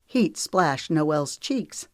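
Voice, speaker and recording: Low-voiced woman narrating calmly. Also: no echo, studio quality. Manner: calm, measured storytelling with lifted voices for dialogue. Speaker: audiobook narrator. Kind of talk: scripted narration.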